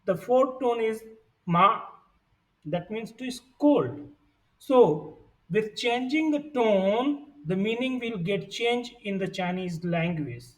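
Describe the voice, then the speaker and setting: A man teaching a pronunciation lesson, reading the sounds out one by one in a deliberate way. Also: sits high, expressive, a little mellow, far from the mic, low-quality recording. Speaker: language teacher. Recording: voice set back from the mic.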